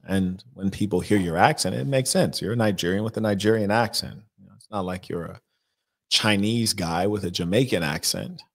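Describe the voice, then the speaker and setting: A man with a very low voice hosts an advice stream. He answers viewer questions bluntly and at a measured pace. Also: creaky. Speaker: life coach host.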